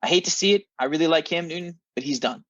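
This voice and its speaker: A man's voice: a little high, fast talker, fairly bright tone, no echo, lo-fi sound. A man co-hosting a casual sports podcast, ranting with wry self-mocking humor. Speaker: podcast co-host, football fan.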